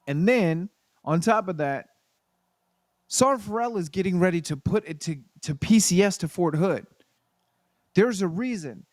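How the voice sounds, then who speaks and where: A man who served in the Army, co-hosting a casual chat and telling an animated, profane story. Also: a little high, moderate pace, dry recording, studio quality. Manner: animated storyteller, profane, acts out quoted people. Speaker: podcast co-host, Army veteran.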